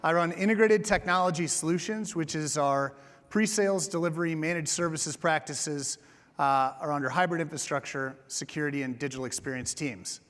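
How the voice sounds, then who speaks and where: A man's voice: fairly high pitch, a little fast, fairly bright tone, in a large hall. A man giving a casual, joking conference keynote on a stage microphone, with many fillers. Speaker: keynote speaker. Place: large conference hall.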